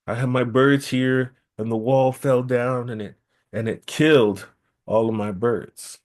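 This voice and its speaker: A man's voice: medium pitch, steady tone, unhurried, natural voice. Mofani, a man voicing an earnest kind farmer. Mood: distressed.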